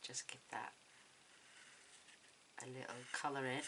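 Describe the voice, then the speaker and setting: A woman hosting a card-making tutorial at home, chatting casually and thinking aloud as she works, with quick laughs. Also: rumbling low, level tone, noisy background. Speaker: craft tutorial host. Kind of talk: casual demonstration chat.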